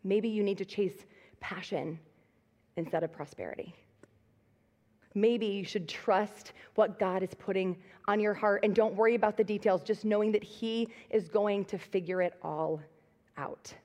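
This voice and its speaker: A woman's voice: mid-range voice, measured pace, darkish tone. A middle-aged woman pastor giving a live sermon, talking in a conversational, self-deprecating way and telling personal stories. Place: large church auditorium. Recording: long reverb of a live church hall.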